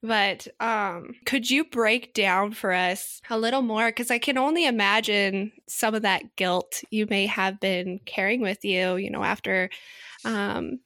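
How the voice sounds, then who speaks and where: A woman interviewing a guest, gentle and supportive, with hesitant phrasing. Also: mid-range voice, unhurried, dry recording, clean studio sound. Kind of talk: interview questions.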